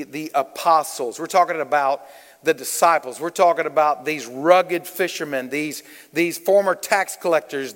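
A man's voice: a little high, a bit bright, long reverb tail. A man preaching to a congregation as a guest speaker, playful and engaging, questioning the crowd and drawing responses. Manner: playful, calls on the congregation, Southern "y'all". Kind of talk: lively interactive sermon. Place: church.

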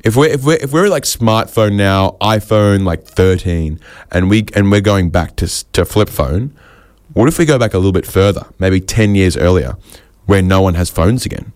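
A man delivering a rambling comic monologue full of quick asides and self-mocking jokes. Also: sits low, darkish tone, no room sound, studio quality. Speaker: comedian host.

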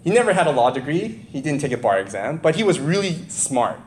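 A man's voice: fairly high pitch, a little fast, slight background noise. A middle-aged man preaching a sermon, reading scripture aloud and then telling personal stories in a loose, conversational way with frequent chuckles. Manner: animated storytelling, chuckles often, loose conversational asides. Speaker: pastor.

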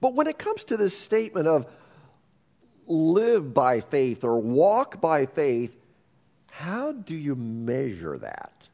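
Pastor guy preaching sunday service, kinda high voice that swoops up and down a lot, acts stuff out. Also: slow pace, creaky. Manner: animated preaching, acts out inner voices, repeats words. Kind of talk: sermon.

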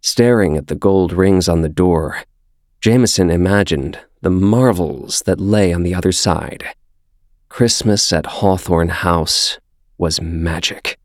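A man narrating an audiobook in measured, unhurried storytelling. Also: low-pitched, dry recording, studio quality.

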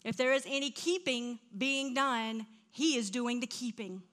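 A middle-aged woman preaching a sermon, telling stories in an animated way that drops to a hush and rises to loud outbursts. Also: on the high side, measured pace. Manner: animated storytelling, swings from hushed to loud.

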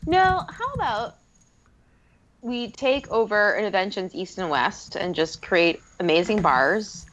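A woman's voice: medium pitch, lively intonation, measured pace, a bit bright, a little hiss or hum, rough recording. A woman co-hosting a podcast, chatting casually and playfully. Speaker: podcast co-host.

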